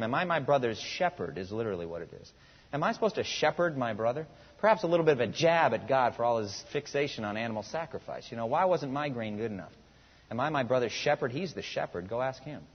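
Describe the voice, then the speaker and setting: A man's voice: mid-range voice, animated, quick pace, breathy edge. A male pastor preaching a sermon, asking the congregation rhetorical questions and reading scripture aloud with rising emphasis. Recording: muffled recording in a reverberant hall.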